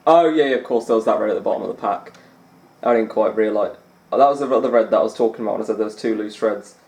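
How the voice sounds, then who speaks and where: A man's voice: lowish voice, racing, darkish tone, roomy sound. A man giving rambling, chatty commentary over a snooker video game and amusing himself along the way. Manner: rambling, chatty, self-amused, lots of fillers. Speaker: gaming channel host.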